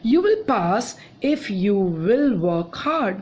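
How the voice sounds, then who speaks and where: A woman's voice: mid-range voice, sing-song, slow, hardly any pauses, a little mellow. A woman with an Indian English accent teaching a grammar lesson, repeating each example sentence and saying "okay" often.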